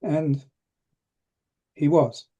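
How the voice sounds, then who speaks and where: Older man, english, very dark mellow voice, halting reflective storytelling, dry humor. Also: fairly high pitch, muffled recording. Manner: hesitant, restarts often, dry humor. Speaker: interview guest, retired professor of rheumatology.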